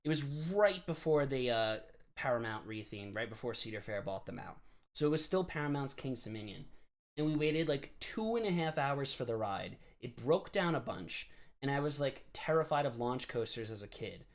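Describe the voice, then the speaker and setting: A young man in his late twenties, originally from the New York area, hosts a casual live stream from his desk. His talk rambles and is packed with filler words and quick laughs, in an ordinary mid-range voice. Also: medium pitch, animated. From New York area, USA. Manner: chatty, filler-heavy, laughing often. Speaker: live streamer answering chat.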